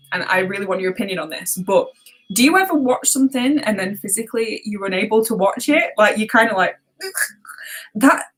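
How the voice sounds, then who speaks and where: A British woman hosting a casual chat with her viewers, chatty and quick to laugh at herself. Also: medium pitch, fairly bright tone, low-quality recording. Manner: chatty, laughs often, self-deprecating. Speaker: reaction channel host.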